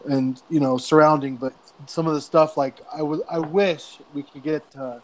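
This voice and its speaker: A man from Idaho, a guest on a casual beer chat show, talking in a relaxed, rambling way. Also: on the high side, normal speed, a little hiss or hum.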